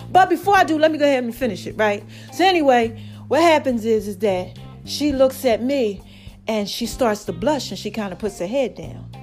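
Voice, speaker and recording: Her voice sits high with a darkish tone as she hosts her podcast, casually recounting a story and addressing listeners directly. "Baby" and "okay" come up again and again.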